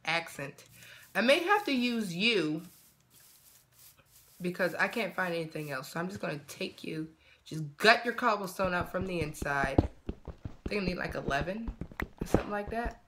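Guy narrating his game at home, bright sharp voice, chatty, blurts out when something pops up, faint hiss and clicks behind. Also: high voice. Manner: chatty self-talk, quick excited outbursts. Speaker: gaming channel host. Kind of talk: casual let's-play commentary.

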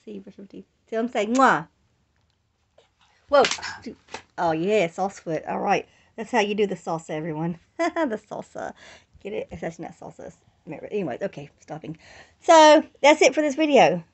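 A woman's voice: mid-range voice, lively intonation, moderate pace, slight background noise. A young woman filming a casual family vlog at home, talking playfully to her toddler in coaxing baby talk and laughing often. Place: home, on the floor indoors.

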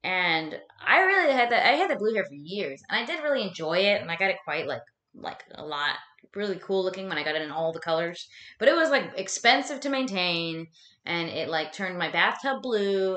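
A woman's voice: on the low side, pushed and bright. A woman streaming casual chat from home while folding laundry. She talks chattily, swears freely and pokes fun at herself. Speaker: live streamer. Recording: roomy echo.

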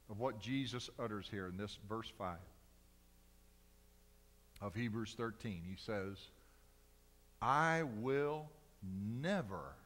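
A male pastor preaching a sermon in a church, swinging from loud cries to hushed, slow emphasis. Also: fairly high pitch, big-room sound. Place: church sanctuary.

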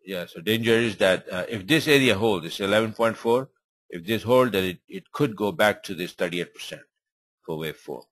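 Trading webinar host, male, very low voice, dry close sound; loose, filler-heavy chart talk in non-native English. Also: moderate pace, fairly bright tone, dry recording. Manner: rambling and informal, many fillers. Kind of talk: live webinar chart commentary.

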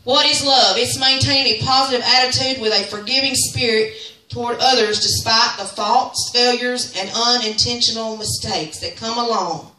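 A woman teaching a Sunday school lesson in a fervent preaching style, climbing to near-singing peaks and dropping low. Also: fairly even intonation, moderate pace, sharp tone, distant mic. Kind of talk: sermon. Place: church. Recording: roomy echo, speaker off-mic.

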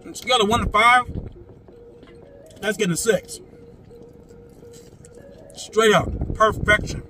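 A man eating and reviewing fast food in a parked car, talking excitedly and calling his viewers "guys" and "man". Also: high-pitched. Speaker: food vlogger. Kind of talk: casual food review vlog. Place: parked car, traffic passing outside. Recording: faint road noise from inside a car. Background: cars passing by.

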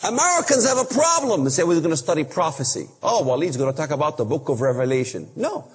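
Man, preaching a Bible lesson, emphatic rhetorical questions, high voice, echoing hall. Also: very animated, fast talker. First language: Arabic. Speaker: speaker on biblical prophecy. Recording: long reverb of a hall.

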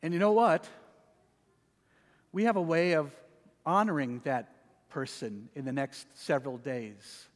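Male pastor, unhurried sermon delivery with dramatic soft-to-loud swings, reverberant sanctuary. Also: a little high. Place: church sanctuary.

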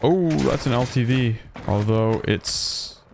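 A man's voice: mid-range voice, takes it slowly, gravelly, noisy background. A man streaming a shooter game, chatting casually, reacting aloud and thanking donors as he plays. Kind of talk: casual gameplay commentary.

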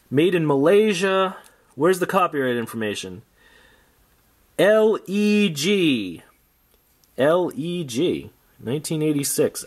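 A man giving casual unboxing commentary on old action figures, rambling with wry, jokey asides. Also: a little high. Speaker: toy collector vlogger.

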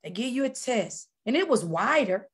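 High-voiced woman giving church testimony. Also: normal speed, slightly rough. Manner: animated storytelling, acting out quoted voices; bursts into shouted praise. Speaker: church missionary. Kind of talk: personal testimony at a prayer service.

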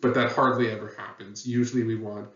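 A man's voice: lowish voice, fairly even intonation, fairly quick, fairly bright tone. A man teaching a lesson on writing rules, patient and plain, with many fillers. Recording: dull, roomy sound from a distant mic.

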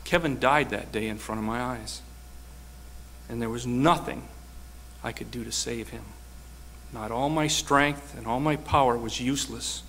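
A man's voice: medium pitch, a little slow, pauses often, a bit bright, a little hiss or hum. A man preaching a sermon, telling a personal story with earnest, rising emphasis.

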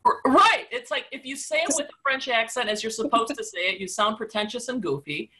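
A woman's voice: on the high side, lively intonation, a little fast, bright, forceful tone. A woman hosting a casual web conference discussion, wry and opinionated with a jokey edge. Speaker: host.

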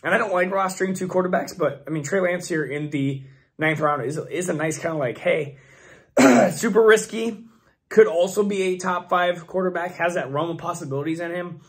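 Hoarse man thinking aloud through a draft. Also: a little high, a little fast. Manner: rambling, restarts often, thinks aloud. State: hoarse, voice failing. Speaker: fantasy football channel host. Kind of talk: casual mock draft commentary.

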